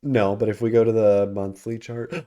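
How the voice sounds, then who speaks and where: A man's voice: lowish voice, little pitch movement, moderate pace, mellow, smooth. A man hosting a casual stock commentary over his screen, talking loosely with many ums and self-corrections. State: yawning and hiccuping. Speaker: investing channel host.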